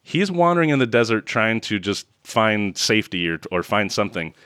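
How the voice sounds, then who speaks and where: A man's voice: lowish voice, big pitch swings, moderate pace, a bit bright, clear, resonant tone, no room sound, clean studio sound. A man co-hosting a podcast, animatedly recapping a movie plot in casual chat, laughing and acting out quoted lines. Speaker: podcast co-host.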